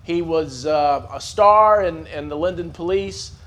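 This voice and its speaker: A man hosting an interview show, asking questions in a hesitant, halting way. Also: on the high side, fairly bright tone. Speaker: show host.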